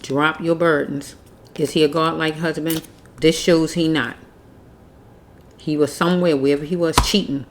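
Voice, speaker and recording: A woman's voice: low voice, steady tone, normal speed, pauses often, slight background noise. A woman giving a casual tarot reading, blunt and preachy, repeating herself as she scolds. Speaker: tarot reader.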